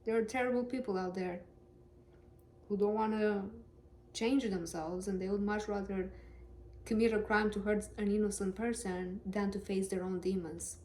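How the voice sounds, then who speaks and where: A woman's voice: medium pitch, fairly even intonation, normal speed, mellow, a little hiss or hum. Joking woman reading scripture aloud. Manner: sarcastic and joking. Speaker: Bible reader and commentator. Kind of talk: casual Bible reading with commentary.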